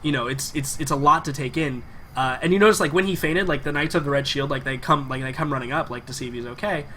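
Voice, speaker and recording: A man running a tabletop game, narrating in a rambling, filler-heavy way. His voice is bright and forward, with faint noise underneath. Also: a little high, fast talker, low-quality recording. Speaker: game master.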